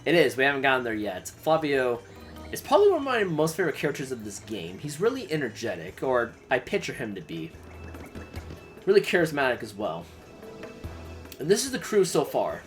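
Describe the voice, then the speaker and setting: A man's voice: medium pitch, brisk, soft background music. A man giving casual, chatty commentary while playing a video game. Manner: relaxed, chatty, rambling. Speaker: let's play gamer.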